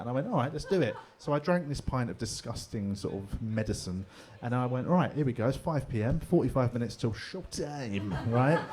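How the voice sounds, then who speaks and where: Man, forties, stand-up comedy, lively storytelling, mid pitch. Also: a little hiss or hum. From England. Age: 40s. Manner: animated storytelling with mock voices and exclamations. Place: pub comedy room with live audience.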